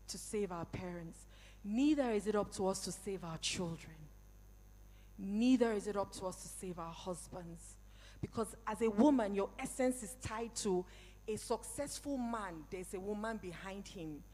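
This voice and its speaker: A woman's voice: medium pitch, moderate pace, dark tone, big-room sound. A woman in her forties or older giving a personal, emphatic motivational talk, speaking straight to a live audience. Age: 40s or older. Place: event hall.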